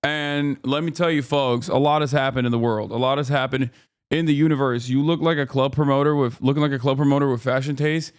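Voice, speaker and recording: A man's voice: mid-range voice, fairly even intonation, brisk, smooth, no echo, clean studio sound. A man in his thirties hosting a livestream in a casual chat style, playful and rambling, who swears freely and slips into mock announcer openings. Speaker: livestream host.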